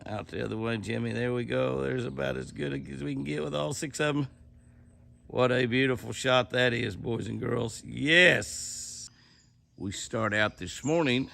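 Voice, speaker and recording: A man's voice: medium pitch, creaky, a bit bright. An older man narrating casually outdoors as he films deer, folksy and chuckling, exclaiming often. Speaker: ranch owner filming his deer. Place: outdoors at a ranch house yard.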